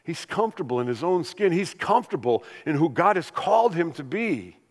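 An older man, a pastor, delivering a sermon that swings between loud emphatic lines and hushed ones. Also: a little high, big pitch swings, a little fast, long reverb tail.

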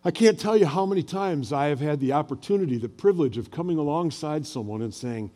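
A man's voice: on the high side, animated, a little fast, mellow. An older man preaching a sermon as a pastor, telling personal stories in a conversational way and asking the audience questions.

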